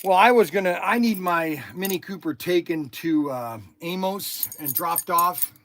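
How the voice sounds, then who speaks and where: A man hosting his channel from a workshop, chatting and telling stories excitedly with lots of exclamations and restarts. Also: sits high, measured pace. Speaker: channel host. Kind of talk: casual chat in the shop, partly on the phone.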